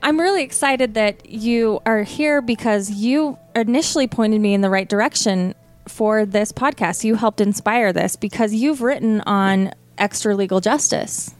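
A woman's voice: mid-range voice, a little slow, faint music behind. A woman hosting a podcast, introducing her guest and asking questions in an eager, conversational way. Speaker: podcast host. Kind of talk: podcast interview.

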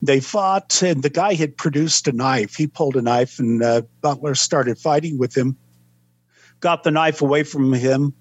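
Measured male historian, dry sound. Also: on the high side, dry recording, lo-fi sound. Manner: measured, unhurried recounting with frequent pauses. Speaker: historian guest. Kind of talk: podcast interview storytelling.

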